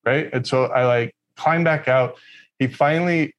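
A man's voice: medium pitch, moderate pace. A man from Texas telling a story in casual conversation, rambling and profane, with lots of fillers.

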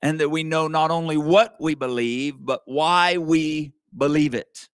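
A man's voice: a little high, measured pace, smooth, no room sound. Emphatic male preacher, dry sound. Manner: emphatic, calls to the congregation with asides like "okay?" and "amen". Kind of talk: sermon.

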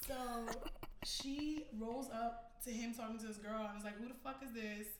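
Woman, casual gossip chat, animated storyteller, acts out quotes, swears freely, slightly high voice, faint room ambience. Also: normal speed, echoey room, a little hiss or hum. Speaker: podcast co-host.

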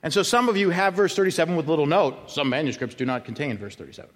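A man preaching an expository sermon as pastor, emphatic and animated, with asides to his congregation. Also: fairly high pitch, rapid-fire. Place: church sanctuary. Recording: church hall with long reverb.

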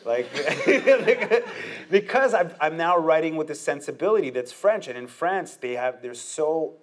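A man, a stand-up comedian, talking casually in an interview, animated and often breaking into laughter with quick asides. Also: on the high side.

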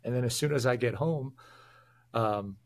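A man's voice: medium pitch, moderate pace. A man, a firefighter guest on a podcast, telling stories over a remote call with stumbles and restarts. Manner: animated storytelling, stumbles and restarts. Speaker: firefighter and public information officer, guest. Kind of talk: casual interview chat. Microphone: remote video call.

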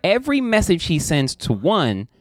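Lively man hosting a casual podcast. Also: on the high side, moderate pace. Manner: animated storytelling, acts out quotes. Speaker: podcast host.

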